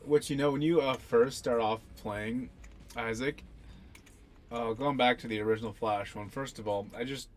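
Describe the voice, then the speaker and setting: A man's voice: medium pitch, normal speed, faint music behind. A young man casually talking through his own gameplay, rambling and self-deprecating, swearing now and then. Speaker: gaming channel host.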